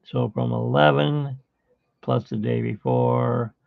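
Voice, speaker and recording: Very gravelly, tired man on a tinny line. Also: medium pitch, fairly even intonation, slow pace, no room sound. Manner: rambling storyteller, hums while working. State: tired from little sleep. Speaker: artist hosting a live drawing stream. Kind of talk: casual live-stream chat while drawing.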